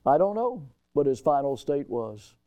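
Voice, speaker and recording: A middle-aged male pastor preaching a sermon in a church, with emphatic delivery that slows and rises on quoted scripture. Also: on the high side, big pitch swings, dark tone. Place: church sanctuary.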